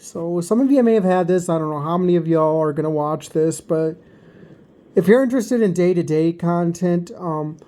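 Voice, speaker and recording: Mellow-voiced man rambling through a story. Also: fairly high pitch. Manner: rambling, loose, full of fillers and restarts. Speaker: vlogger. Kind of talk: casual storytime vlog.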